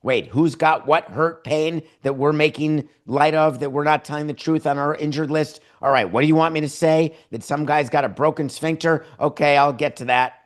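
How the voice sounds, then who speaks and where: A man's voice: on the high side, fairly even intonation, normal speed, few pauses. A man hosting a sports podcast, giving sarcastic opinions full of rhetorical questions and acted-out imagined dialogues.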